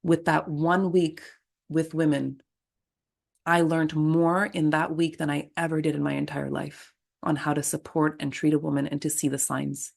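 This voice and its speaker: A low-pitched middle-aged woman with a gravelly edge tells candid stories as a podcast guest. She is blunt and lively and swears without pausing. She talks as a birth attendant recounting what she has lived through. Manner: blunt and animated, swears freely. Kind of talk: candid storytelling interview.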